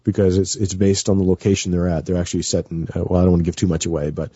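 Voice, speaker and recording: A man's voice: sits low, level tone, very fast, mellow, slightly rough, dry recording, dull audio. A man chatting as a guest on a radio show, nervous and rambling with many fillers and restarts. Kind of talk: casual chat.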